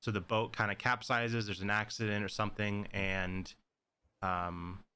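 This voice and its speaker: A man's voice: on the low side, level tone, unhurried, pushed and bright, clear, resonant tone. A man co-hosting a podcast, casually recapping a horror movie with lots of fillers and profanity. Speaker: podcast co-host.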